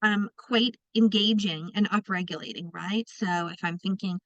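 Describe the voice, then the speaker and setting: A woman's voice: medium pitch, moderate pace, a bit bright, dry recording, dull audio. A woman presenting an online training session, speaking conversationally and addressing participants directly. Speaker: presenter of a teacher training webinar.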